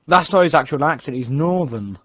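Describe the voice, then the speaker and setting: A man chatting casually on a podcast, animated and quick to break into impressions. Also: on the high side, no room sound. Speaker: podcast co-host. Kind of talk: casual chat.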